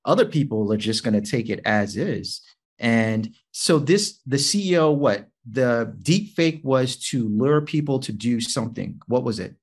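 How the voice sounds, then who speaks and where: A man's voice: mid-range voice, lively intonation, measured pace, breathy edge. A man co-hosting a tech podcast, talking casually and musing aloud with frequent fillers and restarts. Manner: musing, hesitant with many fillers. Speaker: podcast co-host.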